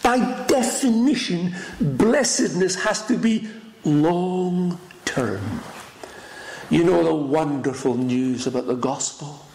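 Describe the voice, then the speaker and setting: A man preaching a sermon, swinging from high exclaiming cries down to hushed whispers. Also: lively intonation, slow, roomy sound, a little hiss or hum, poor audio. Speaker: pastor. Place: church.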